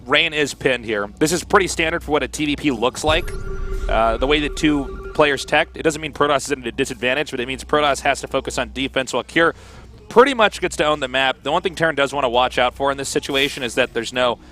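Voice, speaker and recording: Man, from the US, esports caster, bright voice, chatty play-by-play, faint music behind. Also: mid-range voice, fast. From United States. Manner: chatty, jokey banter between analysis. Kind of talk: live play-by-play commentary.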